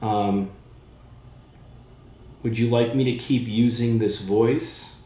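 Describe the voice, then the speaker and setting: A man's voice: medium pitch, fairly even intonation, takes it slowly, dark tone, roomy sound. A man working as a psychic medium who speaks to a spirit during a session. He is eager and thinks aloud, with plenty of fillers.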